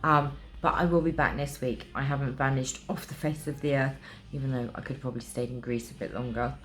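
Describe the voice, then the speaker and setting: A woman's voice: very deep voice, fairly even intonation, fairly quick. A middle-aged woman from England chatting to camera in a vlog, gushing and emotional, with many ums, still recovering from being ill. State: recovering from illness. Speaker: craft vlogger. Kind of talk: casual chat to camera.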